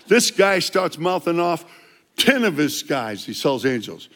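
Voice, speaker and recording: Older guy evangelist telling stories, gets loud doing the dialogue, big echoey hall. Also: on the high side, unhurried. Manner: animated, acts out dialogue loudly. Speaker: street evangelist. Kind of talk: storytelling testimony.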